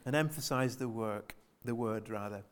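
A man's voice: fairly low pitch, normal speed, smooth. A man preaching a sermon to his church in an earnest way, often repeating phrases and asking the congregation rhetorical questions.

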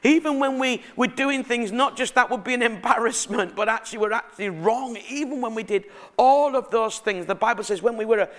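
A middle-aged man preaching a sermon, telling family stories in a chatty, animated way and asking the congregation questions. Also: very high-pitched, fairly quick, few pauses.

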